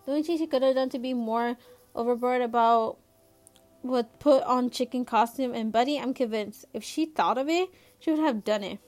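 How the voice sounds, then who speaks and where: A woman casually reading a novel aloud in first person, chatty and relaxed with asides. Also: on the high side, normal speed, no echo, soft background music. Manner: chatty, laughs and adds asides. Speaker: reader of a novel.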